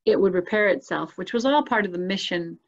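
Speaking fairly quickly at a medium pitch, a woman shares her life story in a relaxed chat, laughing frequently. She animates it by acting out the voices of those she quotes, all captured on muffled, lo-fi audio.

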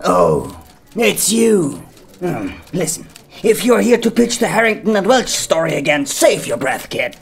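A man's voice: high-pitched, very animated, measured pace, creaky, slight background noise, heavily acted. A man playing a brusque, dismissive chief newspaper editor in a live puppet show.

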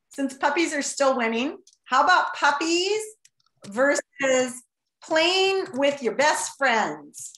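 A woman teacher running a playful class vote on a video call, animated, exclaiming and laughing often. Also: high voice, reverberant.

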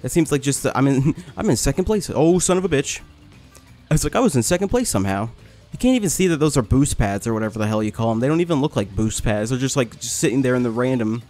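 A man giving casual let's-play commentary, complaining, swearing and getting excited as he plays. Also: mid-range voice, quick pace, faint music behind. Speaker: gaming video host.

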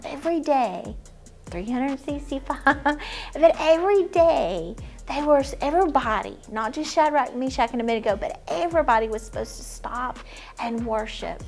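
Animated woman telling a children's Bible story. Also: high voice, a little slow, soft background music. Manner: animated, dropping to whispers for emphasis. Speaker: children's ministry teacher.

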